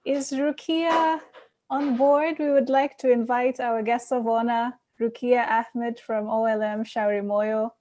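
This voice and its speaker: A woman's voice: a little high, fairly even intonation, unhurried, mellow. A woman hosting an online forum, thanking the speakers and introducing the next guest. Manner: gracious, thankful. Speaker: forum host. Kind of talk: event moderation.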